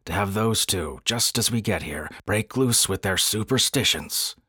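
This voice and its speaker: A man's voice: fairly low pitch, animated, a little slow, bright, forceful tone, breathy edge, no echo, studio quality, exaggerated voice. A man voicing a brusque, skeptical male expedition leader who speaks curtly and dismissively. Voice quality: curt, dismissive.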